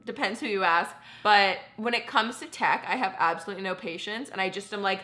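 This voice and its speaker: A woman in her twenties from Canada, chatting casually to camera at home and telling stories in an animated way. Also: mid-range voice, fairly quick, few pauses. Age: 20s. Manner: chatty, animated storytelling with laughs. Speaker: vlogger. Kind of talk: casual vlog chat to camera. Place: home apartment indoors.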